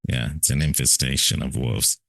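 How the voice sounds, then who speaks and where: A man's voice: extremely low pitch, steady tone, normal speed, creaky, fairly bright tone, dry recording. A man co-hosting a podcast in casual, rambling philosophical chat, often checking in with "right?". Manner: rambling, emphatic, repeats "right?". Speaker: podcast co-host.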